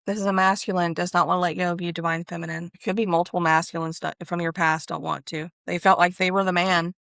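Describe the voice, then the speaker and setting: A woman giving a casual spiritual tarot card reading, chatty and expressive, now and then excited or close to tears as cards come up. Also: fairly low pitch, fast talker, few pauses, dry recording. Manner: chatty, Southern-tinged "y'all", breaks into laughs and excited exclamations.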